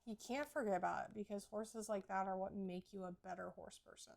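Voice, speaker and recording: A woman's voice: medium pitch, fairly even intonation, fairly quick, creaky, darkish tone. A woman co-hosting a casual podcast chat about horses, earnest and explanatory as she gives advice. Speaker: podcast co-host.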